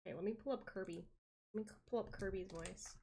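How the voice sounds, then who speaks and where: A woman streamer chatting casually on a live stream, playful and quick to swear. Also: medium pitch, creaky, dark tone, slight background noise.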